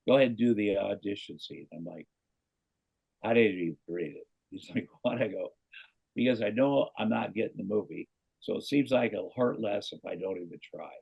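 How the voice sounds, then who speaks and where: A middle-aged comedian from Iowa, a guest on a casual interview, tells a long anecdote and acts out the voices of the people in it. His voice is fairly low, creaky and slightly rough, at a moderate pace. The podcast audio is dull and lo-fi.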